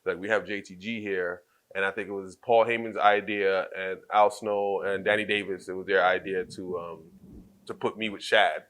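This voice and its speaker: A man's voice: low-pitched, normal speed. A man in his thirties, an interview guest telling casual stories and acting out quoted dialogue. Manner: animated storyteller who acts out quoted dialogue. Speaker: interview guest, former wrestler. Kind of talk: casual shoot interview storytelling.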